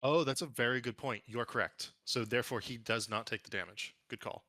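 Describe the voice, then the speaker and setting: A man's voice: medium pitch, a little fast, bright, forceful tone, dry recording. A man running a tabletop game as game master, thinking aloud in a casual, hesitant way.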